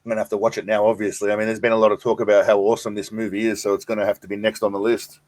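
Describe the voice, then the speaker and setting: A blunt co-host who swears freely and talks very fast in casual stream chat. His voice sits a little low and sounds dry and close. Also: flat delivery, a little mellow, no echo.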